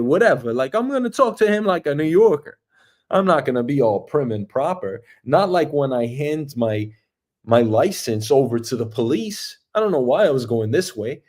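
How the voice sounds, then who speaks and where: A middle-aged man with a New York accent and a mid-range voice hosts a casual comedic monologue at moderate pace. His storytelling is animated, and he acts out the voices of the people he quotes.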